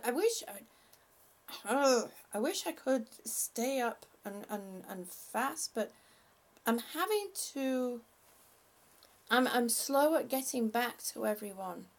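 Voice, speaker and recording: A woman hosting a livestream, chatting haltingly and affectionately with her viewers, often restarting her sentences. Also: a little high, lively intonation, creaky. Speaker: livestream host. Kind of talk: casual livestream chat with viewers.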